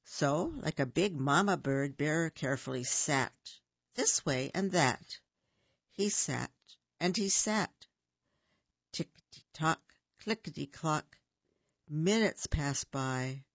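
A woman hosting a radio reading service, reading a children's picture book aloud in a clear, expressive storytelling manner. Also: low-pitched, slow, no room sound. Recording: dull dry studio recording.

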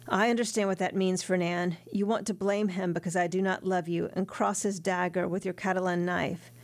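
A woman voicing a determined young woman in love, in an earnest, steady read. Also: on the low side, moderate pace, natural voice. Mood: pleading.

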